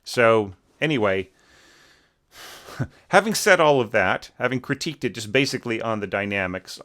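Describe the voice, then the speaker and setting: A man's voice: fairly low pitch, expressive, moderate pace, fairly bright tone. A man giving a casual, rambling critique of an orchestral score, full of fillers and sung snippets of the phrases. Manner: rambling, many fillers, sings phrases as bum bum. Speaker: orchestration teacher reviewing scores.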